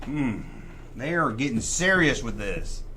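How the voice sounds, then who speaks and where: A man's voice: mid-range voice, measured pace, slight background noise. A middle-aged man hosting a casual livestream chat, opinionated and talking himself through choices. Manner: animated, opinionated, talks to himself while deciding. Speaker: host.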